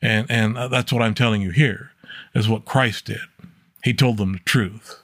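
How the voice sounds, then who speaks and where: A man teaching an informal Bible study, reading scripture aloud and explaining it plainly, often checking in with a quick "okay?". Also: fairly low pitch, fairly even intonation, a bit bright, no room sound, studio quality. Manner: plainspoken, repeats "okay?" to check listeners follow; reads scripture aloud with rising emphasis.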